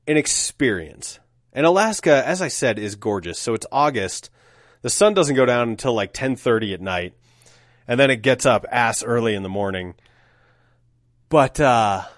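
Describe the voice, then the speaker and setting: A man's voice: medium pitch, no echo, clean studio sound. A man in his thirties hosting a solo podcast, telling stories in a wry, profane, casual way with lots of filler words. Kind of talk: casual storytelling monologue.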